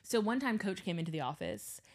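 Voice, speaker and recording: In casual podcast chat, this young woman co-host tells lively stories, swearing freely and imitating the voices of the people involved. She speaks at medium pitch and a fairly quick pace.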